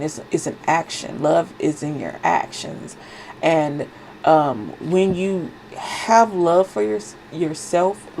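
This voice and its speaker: A woman with a low, gravelly voice delivers a spiritual reading with fierce conviction, swearing for emphasis and repeating phrases to hammer them home. Her tone is dark and mellow, and she sounds stuffy with a cold, sniffling between lines. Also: a little hiss or hum, rough recording. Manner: fervent, profane, emphatic repetition. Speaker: spiritual reader. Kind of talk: impassioned oracle card reading.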